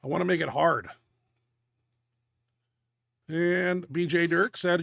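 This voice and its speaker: A winded middle-aged man with a gravelly, fry-laden voice, talking through gym clips in blunt, cursing commentary. His voice sits a little high for a man and sounds close and dry, with no room around it. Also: unhurried, a bit bright, no room sound. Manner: blunt, profane gym talk. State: winded and out of breath. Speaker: host of a powerlifting video show. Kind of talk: casual commentary over lifting videos.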